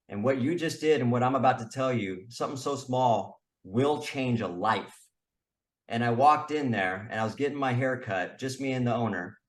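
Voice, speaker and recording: A man who is a guest on a podcast, telling a personal story in an earnest, relaxed way. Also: mid-range voice. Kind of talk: casual storytelling interview.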